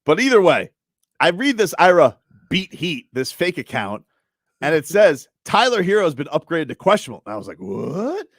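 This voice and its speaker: A man's voice: fairly high pitch, a little fast, no room sound, clean studio sound. A man hosting a sports talk radio show, telling stories and ranting in mock outrage. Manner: animated storytelling, rants with mock outrage. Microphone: studio microphone.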